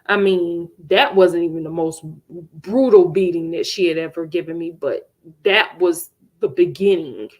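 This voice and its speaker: A woman's voice: fairly low pitch, measured pace. A woman podcast host earnestly telling a personal story, emphatic and candid. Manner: earnest, emphatic, with rueful laughs.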